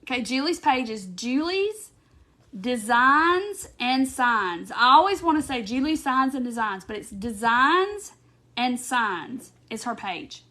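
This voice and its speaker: A woman's voice: on the high side, sing-song, slow, sharp tone. A woman hosting a casual craft live stream, chatting to viewers by name and giggling often as she talks. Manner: giggly, laughs often while talking. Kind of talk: casual live chat reading viewer comments. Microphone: phone or webcam on a live stream.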